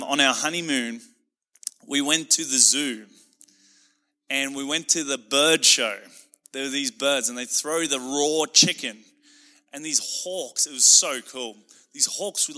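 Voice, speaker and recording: A man's voice: a little high, sharp tone, long reverb tail. A male pastor delivering a sermon in a passionate, conversational manner.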